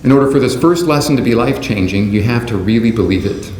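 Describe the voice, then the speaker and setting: Man giving a measured speech in an echoing hall. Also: medium pitch, expressive, darkish tone. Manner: measured, deliberate delivery from a script. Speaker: conference keynote speaker. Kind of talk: prepared speech to an audience. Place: large conference hall. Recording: roomy hall sound with faint background noise.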